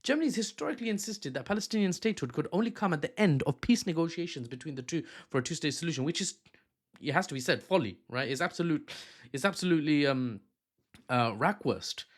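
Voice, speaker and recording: A man giving casual news commentary on politics, joking around and breaking off into silly asides and quick apologies. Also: on the high side, lively intonation. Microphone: handheld or desk mic.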